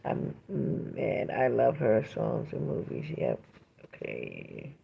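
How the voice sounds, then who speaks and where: A woman's voice: a bass voice, huge pitch swings, slow pace, gravelly, breathy edge, highs cut off. A woman hosting a livestream, reading viewer comments aloud and talking in an emphatic, preachy way that repeats phrases for emphasis. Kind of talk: emotional livestream monologue.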